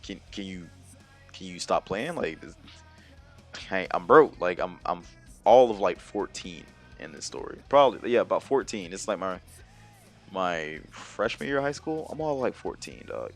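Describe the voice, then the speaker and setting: A low-voiced young man tells a personal story at a moderate pace, with faint music behind him. He's a vlogger whose retelling is slangy, rambling and animated, stuffed with fillers and quoted dialogue.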